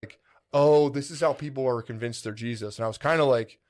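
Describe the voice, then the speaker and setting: Male podcast co-host, mid-pitch, loose rambling storyteller, acts out his own thoughts, lots of "like" and "dude". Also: fairly quick, a little mellow. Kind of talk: casual storytelling chat.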